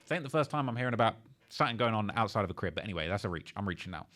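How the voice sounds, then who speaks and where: A man's voice: on the low side, expressive, rapid-fire, fairly bright tone. A young man hosting a reaction video, giving casual, slangy, incredulous commentary. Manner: incredulous, slangy, talks over played clips. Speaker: reaction channel host.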